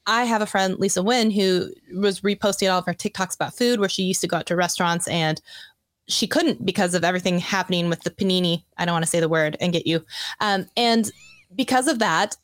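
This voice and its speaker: A woman's voice: lowish voice, dry recording, clean studio sound. Chatty woman coaching on video strategy. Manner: fast, chatty, many fillers. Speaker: YouTube coach guest. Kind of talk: casual expert chat.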